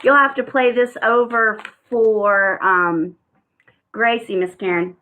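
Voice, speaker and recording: A woman's voice: fairly high pitch, steady tone, takes it slowly. A woman reading tarot cards in a casual live-stream chat, talking in a rambling way with frequent fillers. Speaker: tarot card reader. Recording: tinny phone-like sound.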